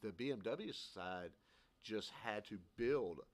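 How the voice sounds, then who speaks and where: A man's voice: lowish voice, expressive, slow pace. A man co-hosting a casual radio talk show, chatty and easily amused, asking questions.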